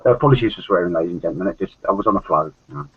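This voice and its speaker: Cockney bloke nattering away on a podcast, low husky voice, muffled lo-fi sound. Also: male voice, expressive, very fast. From London. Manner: chatty, rambling, swears and laughs often. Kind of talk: casual podcast chat. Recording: dull lo-fi audio.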